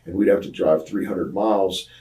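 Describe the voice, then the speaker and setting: A very low-voiced older man spins long anecdotes from his wrestling days, hesitating often and slipping into the voices of the people he quotes. He sits a little back from the microphone, so he sounds slightly distant. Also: fairly even intonation, moderate pace, mellow. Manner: rambling anecdotes with many fillers, acting out quoted voices. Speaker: retired pro wrestler, interview guest. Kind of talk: casual storytelling interview.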